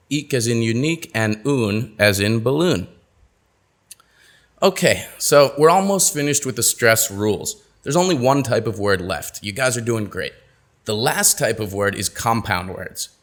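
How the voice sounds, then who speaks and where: A man teaching pronunciation in a webinar, reading out example words with deliberate, exaggerated word stress. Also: medium pitch, fairly bright tone. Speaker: pronunciation coach. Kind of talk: webinar lesson.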